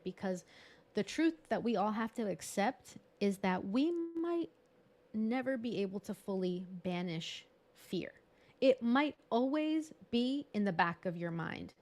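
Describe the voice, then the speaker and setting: Woman, workshop presenter, video call, chatty, encouraging, self-mocking, speaks English and Spanish. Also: mid-range voice. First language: bilingual English and Spanish. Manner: chatty, encouraging, laughs at herself. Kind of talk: live online workshop talk.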